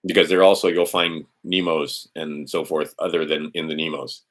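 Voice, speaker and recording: A man's voice: very deep voice, little pitch movement, moderate pace. A middle-aged man talking casually while scrolling through a document on screen, rambling with sardonic, profane asides. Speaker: host of a legal maxims stream. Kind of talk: casual screen-share talk.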